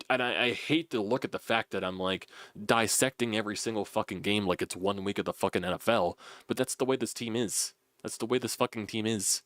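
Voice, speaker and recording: A man's voice: sits low, fairly bright tone, no echo, clean studio sound. A young man with a South Philly accent, ranting through a solo fan recap with frustrated, profane commentary. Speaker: sports channel host.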